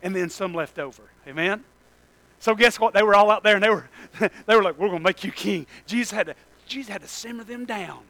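Pastor, man, high and bright, animated, shouting one moment and murmuring the next. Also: a little fast, dry recording, poor audio. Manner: animated, joking asides, swings from loud exclamations to low asides. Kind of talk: sermon.

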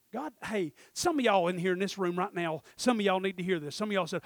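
A middle-aged man delivers a sermon in a high-pitched voice. He drops to a near hush and then climbs to shouted exhortation. The sound is close and dry, with no room around it. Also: quick pace, hardly any pauses, no echo. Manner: swings from quiet confiding to shouted preaching. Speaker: pastor.

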